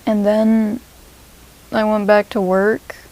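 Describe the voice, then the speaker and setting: A woman telling a rambling, absurd comedic story in a deadpan way. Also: medium pitch, slow, low-quality recording.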